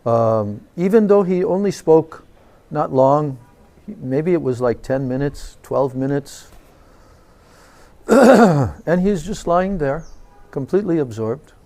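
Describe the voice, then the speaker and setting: A swami delivers a devotional talk in an unhurried, reverent way. His voice sits a little high for a man. He lets each phrase land slowly as he recounts a cherished memory. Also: expressive, dark tone. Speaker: swami giving a spiritual talk. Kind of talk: devotional storytelling lecture.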